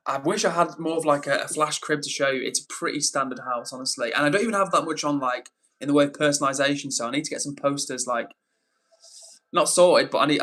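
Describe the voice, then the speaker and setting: A man's voice: a little high, sharp tone. A young Englishman hosting a live stream, reading out viewer comments and greeting each person by name in a friendly, casual way. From England.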